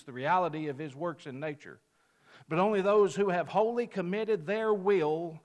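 A man giving an emphatic sermon-style Bible lesson, lifting his voice on quoted verses and dropping it at the ends of phrases. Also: a little high. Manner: mimics a picky customer in a folksy aside. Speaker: preacher.

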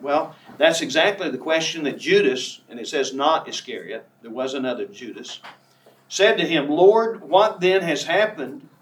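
A man preaching a sermon, emphatic, who reads scripture slowly and draws out key words. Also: fairly high pitch, recorded from a distance. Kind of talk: sermon on a Bible passage. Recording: echoey room from off the mic.

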